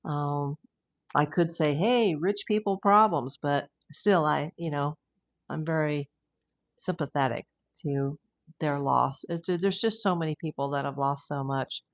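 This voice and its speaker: A woman's voice: low-pitched, steady tone, unhurried. A woman hosting a casual livestream, chatting with viewers and rambling easily between comments and news. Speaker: true crime livestream host. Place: home.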